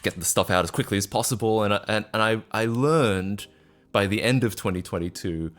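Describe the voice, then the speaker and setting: A man's voice: on the low side, a little fast, a bit bright. A man in his twenties from Australia, with a mixed Australian, British and North American accent. He chats casually on a livestream, rambling with lots of fillers and restarts. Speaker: streamer.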